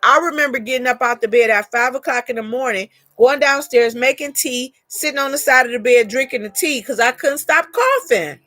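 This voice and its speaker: A woman's voice: high-pitched, lively intonation, brisk, few pauses, pushed and bright, no echo. A woman hosting a casual live chat, telling a long personal story in a rambling way and greeting viewers by name.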